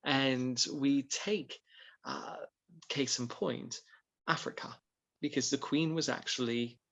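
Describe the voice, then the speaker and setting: A man's voice: medium pitch, slow, vocal fry, muffled recording. A man, a guest on an interview show, telling a long anecdote and acting out what he said at the time. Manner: lively storyteller who acts out his own past remarks. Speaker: guest, founder of a monarchist society.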